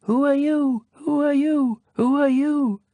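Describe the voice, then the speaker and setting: Storybook mountain echo, high and faraway, as a man puts it on, slow repeats. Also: fairly even intonation, warm tone, heavily acted. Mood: hollow.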